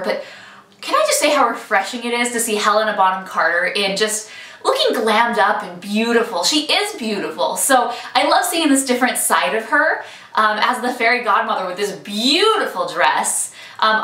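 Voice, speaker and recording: A woman's voice: mid-range voice, bright, forceful tone. A woman chatting enthusiastically and casually as she reviews a film trailer. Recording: echoey room, mic at some distance.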